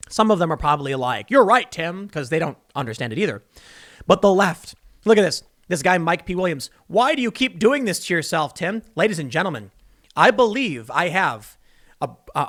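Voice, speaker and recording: A man hosting a casual commentary vlog, talking in a sarcastic, rambling, animated way. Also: sits high. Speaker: commentary host.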